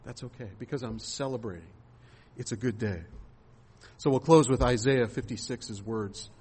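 Husky-voiced man preaching conversationally. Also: mid-range voice, normal speed, a little mellow. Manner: conversational preaching with rhetorical questions and fillers. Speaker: pastor. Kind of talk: sermon.

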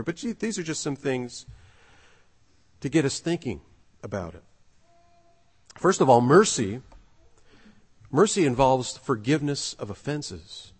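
A man delivers a sermon with a middle-pitched voice, talking in an earnest, conversational storytelling manner. His voice rings out with a long reverb, as if in a large hall. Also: husky. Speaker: pastor.

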